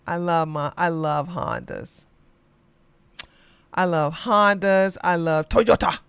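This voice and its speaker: A podcast host reading news headlines aloud and reacting with loud exclamations and asides. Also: medium pitch, slow pace, creaky, pauses often, smooth, dry recording. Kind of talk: live news commentary.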